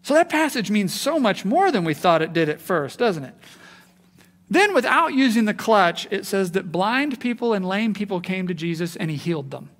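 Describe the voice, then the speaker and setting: A man preaching a sermon in an animated way, acting out the voices he quotes. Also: high voice, moderate pace, long reverb tail. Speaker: pastor.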